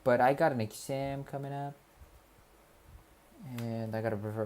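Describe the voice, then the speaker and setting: A man's voice: medium pitch, fairly even intonation, moderate pace, pauses often, a little mellow, clean tone. A young man, a student streamer, chatting casually with his viewers, rambling, repeating himself and joking in slang. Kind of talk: casual livestream chat with viewers.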